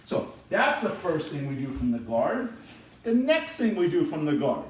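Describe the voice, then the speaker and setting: Male kids' jiu-jitsu coach, animated step-by-step demo, recorded from far off in an echoey mat room. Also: fairly high pitch, normal speed, a little hiss or hum. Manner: explains step by step, checks in with "all right?". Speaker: jiu-jitsu instructor for kids. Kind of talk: demonstrating technique for kids. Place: martial arts academy mat room.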